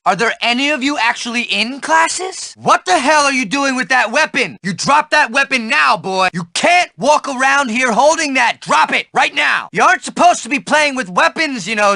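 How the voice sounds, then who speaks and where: Gravelly, barking school staffer. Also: male voice, very high-pitched, bright, forceful tone, no room sound, heavily acted. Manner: barking, threatening. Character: gruff male school staffer scolding kids. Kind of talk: video game voice acting.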